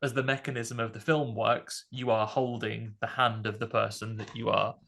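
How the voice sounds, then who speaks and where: A man co-hosting a podcast, explaining scenes of a horror film in animated detail. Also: fairly low pitch, moderate pace, gravelly. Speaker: podcast co-host. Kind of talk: casual film discussion.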